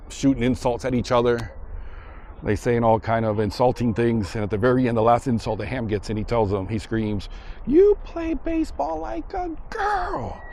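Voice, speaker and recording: This vlogger, whose voice is lowish, wanders a parking lot and ballpark with a handheld camera, easygoing and talkative as he retells scenes from the filming locations he's visiting. A little hiss or hum runs under the recording.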